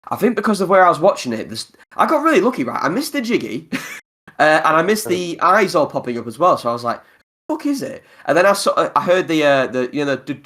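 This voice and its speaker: Speaking quickly in a sing-song way, a man with a slightly high, fairly bright voice hosts a casual podcast. He's chatty and foul-mouthed, with plenty of fillers and restarts.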